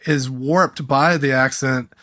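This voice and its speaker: A man's voice: medium pitch, fairly even intonation, slow, bright, forceful tone. A man hosting an interview podcast, thinking aloud and searching for his words. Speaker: podcast host. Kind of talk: conversational interview.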